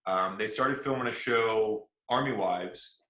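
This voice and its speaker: A young guest actor from South Carolina tells stories in a casual interview, animatedly acting out the quotes. His voice sits on the low side at a measured pace, and the room sounds echoey.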